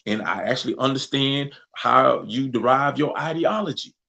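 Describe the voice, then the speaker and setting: A man's voice: medium pitch, moderate pace, gravelly, muffled recording. A man in his thirties from Mississippi with a Southern accent, talking casually on a podcast and answering chat, thinking aloud with plenty of restarts. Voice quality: relaxed, conversational vernacular with frequent restarts. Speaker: podcast co-host. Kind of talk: casual discussion, responding to chat.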